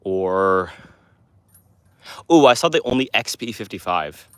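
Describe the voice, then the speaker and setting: Teen male streamer, low-ish voice, loose and rambling while reading chat. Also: lively intonation, slow pace, clear, resonant tone, no room sound. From Montana, US. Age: teens. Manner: rambling, with restarts and fillers. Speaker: livestream host answering chat. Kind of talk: casual livestream chat.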